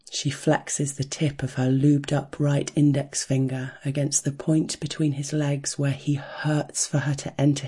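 A narrator reading an erotic story in a soft, hushed way, chanting a steady heartbeat rhythm. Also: mid-range voice, breathy edge.

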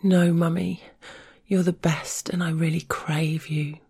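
A woman voicing an eager, whiny young woman who pleads in a breathy whisper. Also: lowish voice, slow pace, warm tone, pitched above the performer's own voice, exaggerated voice. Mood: pleading.

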